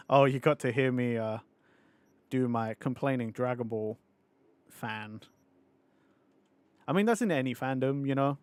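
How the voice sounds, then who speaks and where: A young man chats with his stream audience in a loose, animated way, laughing often and swearing as he rants. His voice sits in a middle pitch. The sound is dry and close, with no room around it. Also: measured pace, pauses often, clear, resonant tone, dry recording. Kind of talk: casual live-stream chat.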